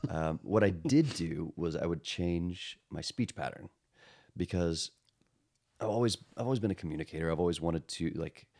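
A man in his thirties from Texas, a guest in a relaxed podcast conversation, reflective and self-deprecating, talking in a house. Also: low voice. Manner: reflective, self-deprecating, quick to mimic voices. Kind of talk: casual chat. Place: room in a house.

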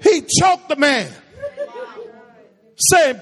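A man's voice: very high voice, big pitch swings, slow pace, some chatter behind. A man preaching a sermon in a church sanctuary, using call-and-response and repeating phrases for emphasis. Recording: echoey hall with long reverb.

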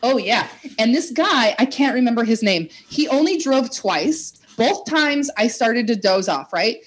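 A woman spins a story in casual podcast chat. Her voice sits a bit high, and she jumps into the voices of the people she quotes. She swears freely and laughs along. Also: expressive, unhurried. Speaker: podcast co-host.

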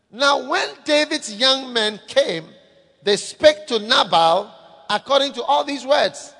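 A man preaches a sermon in a high voice and keeps calling out to his listeners for an answer. His words hang in a long reverb from a large hall. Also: animated, takes it slowly, creaky, a bit bright. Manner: calls for audience response. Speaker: pastor.

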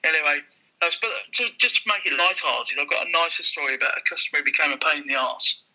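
A man's voice: fairly high pitch, fast, rough recording. A man, a used car dealer, telling a casual anecdote and acting out the people in it. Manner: lively, acts out the people in his stories.

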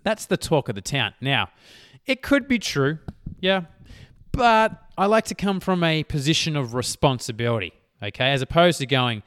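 A man's voice: on the high side, sing-song, moderate pace, fairly bright tone, no echo, clean studio sound. A man in his thirties, a business coach talking casually and rambling on his podcast, often correcting himself mid-sentence. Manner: rambling, self-correcting, chatty. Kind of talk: solo podcast monologue.

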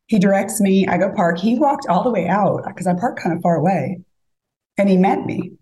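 A woman's voice: medium pitch, moderate pace, rough recording. A woman casually telling a dating story as a podcast guest, acting out the lines of others. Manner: animated, acts out quoted lines.

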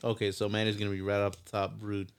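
A man's voice: lowish voice, completely flat delivery, fast talker, smooth. A man co-hosting a podcast in casual chat, rambling with lots of fillers. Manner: rambling, heavy use of fillers. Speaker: podcast co-host.

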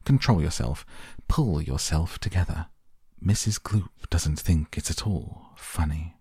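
A man's voice: deep voice, measured pace, darkish tone, breathy edge, no room sound, studio quality, heavily acted. A man voicing a giggling, eccentric chocolate maker with an airy, soothing manner. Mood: breezy.

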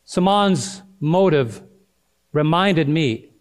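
A man's voice: fairly high pitch, expressive, very slow. Man preaching with rising and falling force. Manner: dynamic preaching, swings between loud and hushed, calls to the congregation. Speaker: pastor. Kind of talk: sermon.

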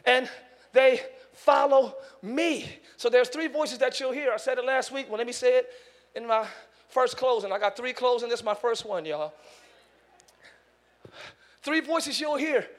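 High-voiced man preaching a lively sermon. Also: normal speed, long pauses. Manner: animated preaching, acts out voices, shouts for emphasis. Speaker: pastor. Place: church sanctuary.

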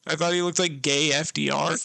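A man's voice: fairly high pitch, fairly even intonation, brisk, vocal fry, bright, forceful tone, dry recording. A male podcast co-host in casual chat, blunt and opinionated, saying 'like' often as he recaps a reality show.

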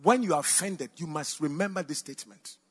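Male pastor, high husky voice, animated storytelling, shouts and laughs, sermon. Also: fairly quick.

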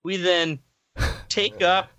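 A man's voice: high-pitched, fairly even intonation, slow pace, gravelly, bright, forceful tone. A young man casually telling a long story on a podcast, rambling with fillers and laughs. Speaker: podcast co-host.

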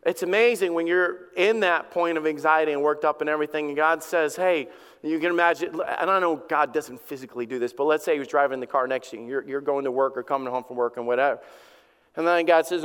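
High-voiced preacher man in echoing hall. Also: fairly even intonation, quick pace, fairly bright tone, clear, resonant tone. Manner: conversational preaching with repeated words and acted dialogue. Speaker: lead pastor. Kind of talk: sermon.

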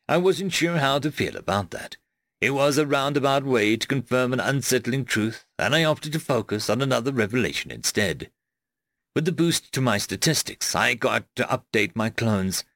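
A man narrates a first-person story. His voice sits at a middle pitch and moves expressively through his lines in a measured way. The recording is dry, with no room sound. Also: a bit bright, dry recording. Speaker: audiobook narrator.

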